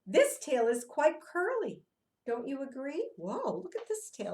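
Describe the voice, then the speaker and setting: A woman leads young children through a picture book, asking questions and coaxing them to move along. Her voice sits a bit high and her delivery is slow and unhurried. She breaks into sing-song chants and drops to a softer, hushed tone when she guides them. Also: big pitch swings. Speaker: children's movement teacher. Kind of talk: interactive read-aloud for young children.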